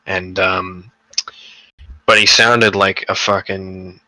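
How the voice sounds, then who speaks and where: A man's voice: deep voice, flat delivery, slow, pushed and bright, dry recording, poor audio. A young man co-hosting a casual gaming podcast, rambling and profane, with lots of fillers and restarts. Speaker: podcast co-host.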